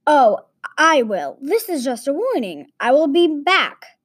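A woman's voice: high voice, very animated, a little slow, pitched above the performer's own voice. A woman voicing a gloating cackling villain. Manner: loud, cackling threats. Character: boastful male villain leader, gloating.

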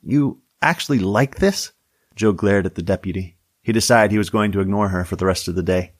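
A man narrating a scripted story with dry, wry humor. His voice sits very low, and the recording is close and dry with no room sound. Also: steady tone, fast talker, dry recording.

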